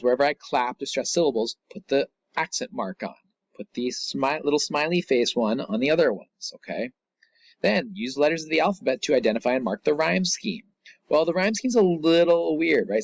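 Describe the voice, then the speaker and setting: A man explains a poem to his students in a relaxed, chatty way, full of asides and small jokes. His voice sits in an ordinary middle range and is recorded close and dry, with no room sound at all. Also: medium pitch, no room sound. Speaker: teacher. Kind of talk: recorded classroom lesson.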